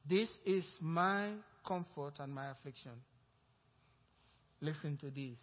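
A pastor preaching a sermon, rising into loud emphatic passages and calling out to the congregation for responses. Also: male voice, fairly high pitch, slow. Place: church. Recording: reverberant church hall, dull lo-fi sound.

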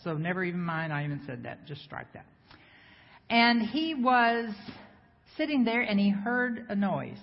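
A woman preacher delivering a lively sermon, bantering with the congregation and firing off rhetorical questions. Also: mid-range voice, unhurried. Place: church sanctuary before a congregation. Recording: echoey hall, slightly dull sound.

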